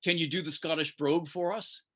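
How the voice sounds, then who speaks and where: A man's voice: fairly high pitch, steady tone, a little fast, a bit bright. A man hosting an interview, asking questions with enthusiastic, encouraging reactions. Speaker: interview host.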